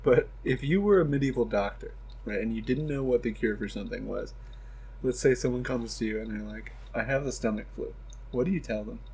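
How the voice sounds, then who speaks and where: A man's voice: medium pitch, a little mellow, breathy edge, low-quality recording. A man co-hosting a casual comedy chat, rambling through absurd stories and laughing often. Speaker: podcast co-host.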